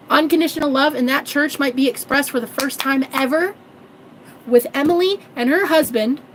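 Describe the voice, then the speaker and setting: This low-quality recording, with a little hiss or hum, captures a manifestation coach in her thirties with a fairly bright, somewhat high voice. In her casual vlog monologue she's sassy and preachy, calling viewers "girl" and "honey" and cursing freely.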